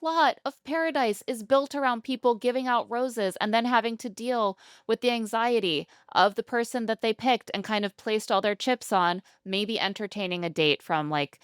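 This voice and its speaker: A woman co-hosting a podcast, recapping a dating show in casual, animated chat with plenty of swearing. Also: fairly high pitch, moderate pace, few pauses, clean tone, dry recording, studio quality. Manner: animated, profane, acts out quotes. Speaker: podcast co-host.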